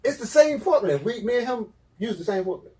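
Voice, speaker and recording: A man co-hosting a podcast in casual chat, telling an animated story that swings between loud and hushed. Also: very high voice, a little fast, distant mic, rough recording. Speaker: podcast co-host.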